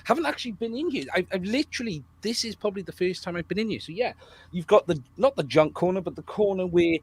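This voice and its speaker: A man guesting on a podcast, talking in a rambling, self-deprecating way, his voice rough from a cold, over a video call. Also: high-pitched, lively intonation, fast. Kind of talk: casual podcast chat.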